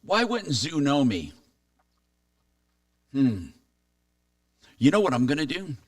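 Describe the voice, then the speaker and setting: A man's voice: on the high side, big pitch swings, slow pace, no room sound, far from the mic. A man hosting a consumer talk radio show, chatting casually and reading listener texts aloud.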